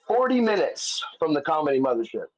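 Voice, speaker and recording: A man's voice: a little high, sing-song, a little fast. A man, a comedian guest, telling stories in casual chat, swearing often and rambling with many fillers. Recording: dull lo-fi audio.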